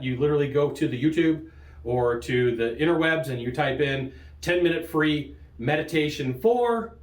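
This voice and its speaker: Upbeat sales coach guy, kinda high voice, jokes and laughs a lot, echoey room. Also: moderate pace. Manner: lively, jokey, laughs often, big pitch jumps. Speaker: sales trainer and show host. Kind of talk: energetic coaching monologue. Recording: roomy echo.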